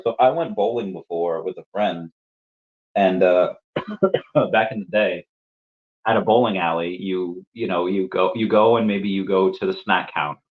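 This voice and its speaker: A man hosting a casual live stream who reads chat messages aloud, rambles with repeated words and laughs often, and coughs while getting over an illness. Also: sits low. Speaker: livestream host answering chat. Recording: dull lo-fi stream audio.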